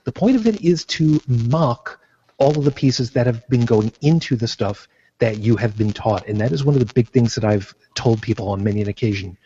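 A man's voice: mid-range voice, normal speed, mellow, slightly rough, highs cut off. A man hosting a casual podcast discussion, emphatic and opinionated, often repeating phrases as he builds a point. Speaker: podcast host.

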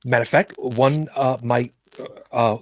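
A man's voice: mid-range voice, steady tone, measured pace. A man hosting a casual livestream chat who rambles, trails off and restarts, and swears offhand. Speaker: host.

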